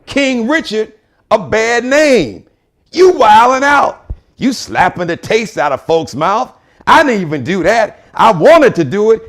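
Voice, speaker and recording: A man's voice: sits high, voice pushed up, heavily acted. A man putting on an impression of an indignant older father who scolds a younger man in an exasperated, lecturing way.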